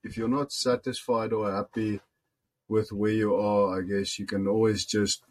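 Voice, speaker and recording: A man hosting a podcast, speaking in a relaxed, encouraging way and giving advice. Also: on the low side, measured pace, low-quality recording. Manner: relaxed, affirming, gives advice. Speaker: podcast host. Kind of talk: casual interview chat.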